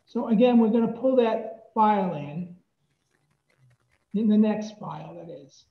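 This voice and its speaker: A presenter giving a relaxed, chatty tech demo at a club meetup. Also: medium pitch, unhurried, gravelly. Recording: echoey, dull room mic.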